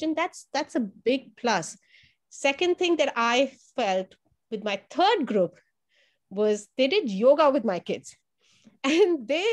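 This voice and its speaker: Animated woman telling child care stories. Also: on the high side. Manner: animated storyteller who acts out quotes in a raised voice; repeats words while thinking. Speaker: family child care provider. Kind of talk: conversational testimonial.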